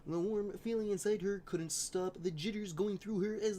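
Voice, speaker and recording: A man from Canada reading fan fiction aloud on a podcast, halting and giggly, with frequent restarts. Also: high-pitched, warm tone.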